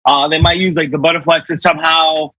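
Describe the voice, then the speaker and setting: A man on a podcast chatting casually in a relaxed, hedging way with many fillers. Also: fairly high pitch, fast, dry recording, rough recording. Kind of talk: casual chat.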